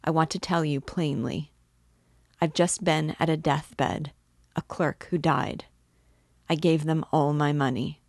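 A woman reading the lines of a feverish, weak young man who speaks in halting, distraught confessions. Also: sits low, steady tone, vocal fry, dry recording, clean studio sound, heavily acted. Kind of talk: audiobook character reading.

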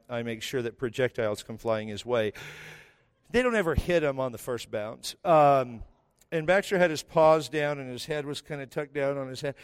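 A middle-aged man preaching, telling funny family stories with quick self-deprecating asides. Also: mid-range voice, clean tone, dry recording, clean studio sound. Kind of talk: humorous sermon storytelling.

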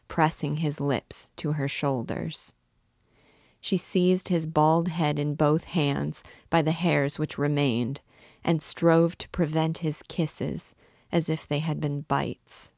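A woman reading a classic novel aloud in a measured, expressive way. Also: sits low, creaky, no echo, studio quality. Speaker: book reader and guide.

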